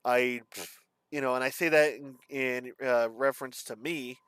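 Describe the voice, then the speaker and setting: Casting: young male streamer, slight lisp, rambling and halting delivery, smooth voice, dry close recording. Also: mid-range voice, fairly even intonation, a bit bright, no room sound. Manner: rambling, halting, self-described stutter. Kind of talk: casual vlog monologue.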